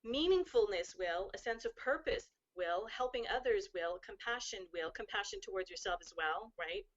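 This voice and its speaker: A woman's voice: medium pitch, expressive, normal speed, lo-fi sound. A woman speaking as a guest, giving earnest, flowing advice in casual chat.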